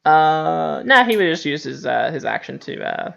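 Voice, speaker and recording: Gravelly-voiced male dungeon master, easygoing and rambling, on muffled lo-fi stream audio. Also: a little high, very animated, normal speed, bright, forceful tone. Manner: laughs often, many fillers. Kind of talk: narrating a tabletop game.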